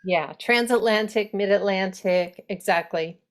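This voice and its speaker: A woman's voice: medium pitch, measured pace. Enthusiastic woman teaching a video workshop. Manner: animated, enthusiastic, laughs easily. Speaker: dialect coach leading an online workshop. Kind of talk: live online workshop teaching. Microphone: video call.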